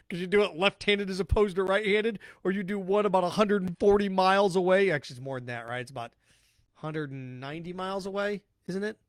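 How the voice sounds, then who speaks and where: A man's voice: high voice, no room sound, clean studio sound. A man hosting a sports talk podcast, ranting bluntly and sarcastically, repeating his points and mocking others. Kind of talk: opinionated solo podcast rant.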